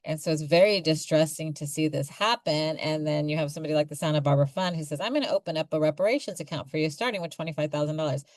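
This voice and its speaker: A woman with a low voice speaks on a community panel, passionate and emotional. She often acts out the words of others as she talks. The sound is dry and close. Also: fast talker, few pauses, no room sound. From Chumash community, California. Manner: passionate, emotional, animated quoting. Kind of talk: panel discussion.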